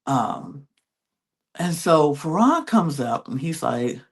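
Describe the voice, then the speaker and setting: A man with a gravelly, fry-tinged voice chats through a reality-show recap at an unhurried pace. He keeps slipping into quick impressions of the contestants' reactions as he tells the story. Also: on the high side, very animated. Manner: retells scenes by acting out contestants' quoted reactions. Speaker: podcast host.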